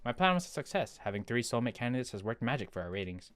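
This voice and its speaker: Man reading a brisk scheming woman producer. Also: medium pitch, big pitch swings, fairly bright tone, no room sound. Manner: brisk and to the point.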